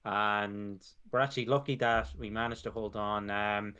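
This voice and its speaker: A man's voice: fairly low pitch, steady tone, normal speed, bright, forceful tone, clear, resonant tone, dull audio. A man giving opinions in a casual football chat, tagging his sentences with short repeats. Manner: opinionated, tag endings like "it was".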